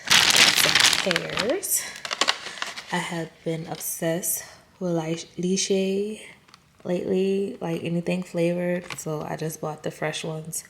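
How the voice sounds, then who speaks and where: Gravelly-voiced woman chatting through a haul. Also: fairly low pitch, steady tone, slow, noisy background. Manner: chatty, self-amused, talks to viewers directly. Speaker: vlogger. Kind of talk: casual haul chat.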